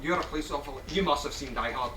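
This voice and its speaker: A man improvising an excitable, film-obsessed character who shouts on a live stage. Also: on the high side, racing, very noisy, natural voice. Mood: eager. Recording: roomy live stage recorded from far off.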